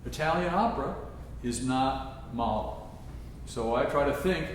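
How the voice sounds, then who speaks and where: A man with a medium-pitched voice and measured pace teaches a trombone masterclass, scat-singing phrases to show how passages should go. He's recorded from far off by a room mic in a chapel used as a concert hall, so the sound is echoey with a slight hiss or hum.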